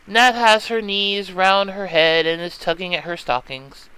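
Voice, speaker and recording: A man narrates a text-based game for his let's play. His voice is high, bright and smooth. He tells the story expressively and with lots of movement in pitch. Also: fairly even intonation, a little slow, low-quality recording. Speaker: let's play host reading a game aloud. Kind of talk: reading interactive fiction aloud.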